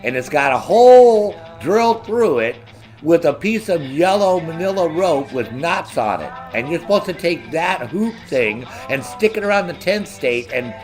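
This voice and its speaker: A man telling profane, loud stories as a streamer, mocking others in high voices. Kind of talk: profane casual storytelling.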